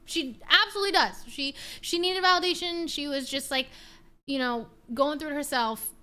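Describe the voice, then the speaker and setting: A woman's voice: sits high, moderate pace. A young woman streamer in casual late-night chat, talking animatedly and reacting to her chat. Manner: chatty, animated, talks to her pet and chat.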